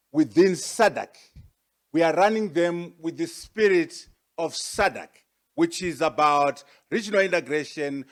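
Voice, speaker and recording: High-voiced man giving a forceful speech. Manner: rhetorical and emphatic, with repeated questions; forceful, with sharp rises for emphasis. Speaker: guest speaker. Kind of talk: formal presentation to an audience.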